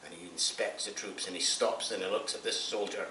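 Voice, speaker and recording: A man telling a story-joke with animated, building delivery. His voice is forceful and bright. It is caught from a distance in a roomy space with faint background noise. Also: lowish voice, fairly quick. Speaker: party guest telling a joke.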